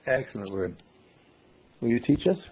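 A man's voice: medium pitch, sing-song, normal speed, a little mellow, lo-fi sound, slight background noise. A man teaching a small group in a playful way, acting out little dialogues in different voices. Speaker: spiritual teacher. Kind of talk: group talk.

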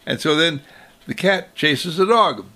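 A man's voice: a little high, lively intonation, unhurried, bright, forceful tone. A man giving a sermon-like talk as a speaker, telling a story and acting out its voices.

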